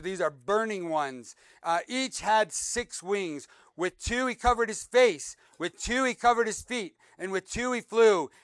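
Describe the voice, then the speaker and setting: High-voiced man preaching a dynamic sermon. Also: smooth, no echo. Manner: dynamic preaching, rising loud on emphasis and dropping soft; reads scripture aloud, repeats words for emphasis. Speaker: pastor.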